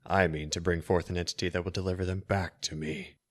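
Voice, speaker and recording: A man voicing a cruel, frail old sorcerer in a storybook reading, speaking raspy, slow and cold with a hissing edge. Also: deep voice, flat delivery, dry recording, clean studio sound. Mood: menacing. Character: cruel menacing old male sorcerer, frail yet powerful.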